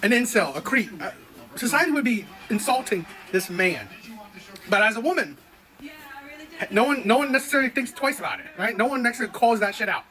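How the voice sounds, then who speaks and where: Man, reaction host, very high voice, bright tone, quick argumentative rant. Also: rough recording. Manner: argumentative, repeats "right?" often. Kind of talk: ranting reaction commentary.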